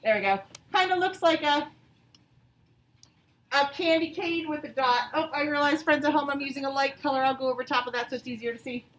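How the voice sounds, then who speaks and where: A woman teaching a grammar lesson to young children online, reading example sentences slowly and with exaggerated expression. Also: high-pitched, fairly bright tone. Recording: echoey room, voice from a distance.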